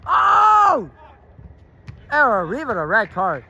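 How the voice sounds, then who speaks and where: A very high-pitched man with a bright, piercing tone calls a match from the sideline of an outdoor field. He talks slowly between bursts, then shouts at big plays and yells to the players and the ref. It is recorded on a handheld phone out in the open air. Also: wildly swooping pitch, gravelly, husky, muffled recording. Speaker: sideline commentator filming the match. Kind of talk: excited amateur play-by-play commentary.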